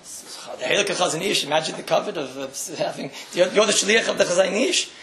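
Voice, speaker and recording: High, gravelly rabbi in an echoey room. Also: male voice, a little fast, a bit bright, slight background noise. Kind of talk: religious talk to listeners. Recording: roomy echo.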